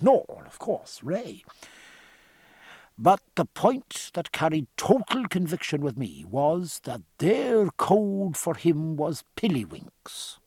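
A man voicing a letter writer relating events in a measured, confiding way in a storybook reading. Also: on the high side, slightly rough, no echo, heavily acted.

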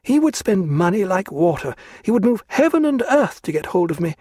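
A man's voice: sits high, very animated, brisk, darkish tone, voice pushed up. A man voicing an anxious, defiant aristocratic woman who mutters agitated outbursts from her sickbed, in a storybook reading. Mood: fierce, fearful.

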